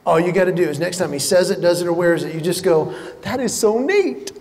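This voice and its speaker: A man performing stand-up comedy, telling animated stories and acting out what other people said. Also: a little high, fast talker. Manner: animated storytelling, acts out other people's lines. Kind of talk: stand-up comedy to a live audience. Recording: hall reverb with faint noise.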